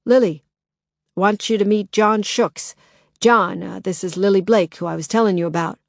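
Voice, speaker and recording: A woman's voice: mid-range voice, moderate pace, vocal fry, no room sound, clean studio sound, natural voice. A woman voicing an eager, well-meaning male businessman in a storybook, upbeat and coaxing.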